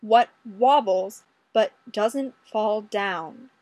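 A woman's voice: a little high, measured pace, dry recording. A woman voicing a formal, courteous Canadian Mountie who speaks in a clipped, correct manner. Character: polite, formal Canadian Mountie man, stiff.

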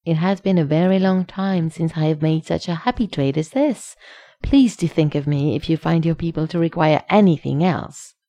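Woman voicing male alien trader, effusive, formal, high and bright, story reading. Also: moderate pace, no room sound, close to an everyday voice. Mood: delighted.

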